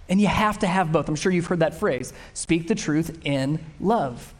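A high-voiced man preaches with animation. He acts out quoted lines in character and invites his listeners to repeat a phrase with him. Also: normal speed, hardly any pauses. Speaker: pastor. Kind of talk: sermon.

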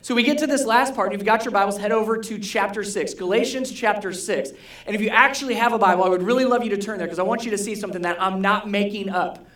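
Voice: mid-range voice, fast talker, a bit bright. Roomy-sounding pastor quizzing the congregation. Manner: asks the congregation questions, repeats key words. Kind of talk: conversational sermon. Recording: roomy hall echo.

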